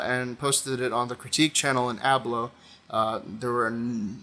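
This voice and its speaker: Hesitant young man with a bright voice. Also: medium pitch. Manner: hesitant, many fillers and restarts. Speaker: video essayist. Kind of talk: casual commentary monologue.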